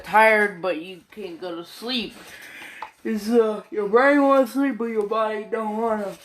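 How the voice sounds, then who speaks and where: Slow-talking tired woman rambling. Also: fairly low pitch, a little hiss or hum. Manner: slow, rambling, slangy, swears often. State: tired late at night. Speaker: fan storyteller. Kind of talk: casual rambling fan retelling.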